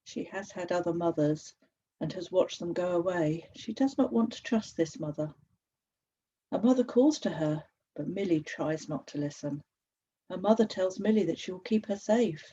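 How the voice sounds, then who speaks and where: A woman reads her own picture book aloud, measured and steady. Her voice is low and mellow. The recording sounds slightly dull and lo-fi. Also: a little hiss or hum. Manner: slow, measured reading. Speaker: author.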